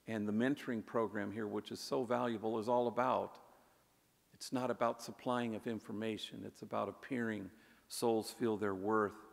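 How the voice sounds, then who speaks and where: Storytelling man with a gravelly voice in a hall. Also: mid-range voice. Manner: warm conversational storyteller, sprinkles Spanish words. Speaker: priest giving a public talk. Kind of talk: storytelling speech. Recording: echoey hall with long reverb.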